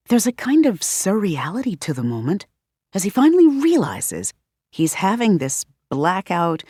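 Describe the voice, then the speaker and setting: A woman narrates an audiobook with a low voice and lively, expressive pitch. The recording is close and dry. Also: dry recording. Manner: expressive, measured.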